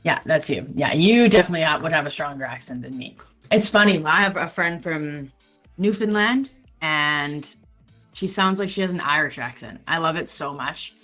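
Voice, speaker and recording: A Canadian woman with a Canadian accent hosts a live stream in a low, easygoing voice. She is chatty and laughs easily as she reads out viewer questions. A faint bed of music plays under her talk. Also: normal speed, a bit bright, muffled recording. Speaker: stream host. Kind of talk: casual chat on a live stream.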